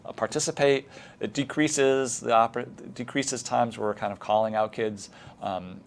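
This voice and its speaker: Man giving a relaxed training lecture. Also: fairly low pitch, slight background noise. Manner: relaxed, explanatory, with frequent fillers and acted teacher lines. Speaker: teacher trainer.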